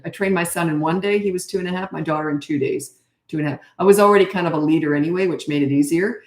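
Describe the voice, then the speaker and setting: Her voice sits on the low side and she talks quickly. She's a middle-aged parenting coach giving frank, confident guidance during a casual stream, voicing quoted exchanges as she goes, all captured in an echoey space.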